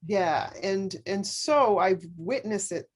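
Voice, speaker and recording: A woman speaking as a podcast guest, telling a personal story in earnest, halting speech full of fillers and restarts. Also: mid-range voice, lively intonation. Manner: earnest, speaks openly about faith.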